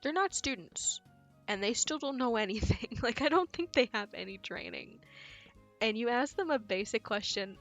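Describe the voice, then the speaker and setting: A woman's voice: a little high, animated, normal speed, lo-fi sound. A young woman streamer chatting casually while gaming, rambling and swearing as she tells stories with giggles. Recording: faint music behind voice.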